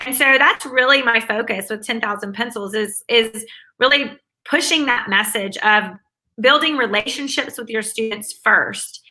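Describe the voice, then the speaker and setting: A woman's voice: a little high, moderate pace, sharp tone, low-quality recording. A woman with a Southern US accent, a guest answering interview questions in an upbeat, enthusiastic way with long run-on answers. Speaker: guest, former academic advisor. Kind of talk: conversational interview.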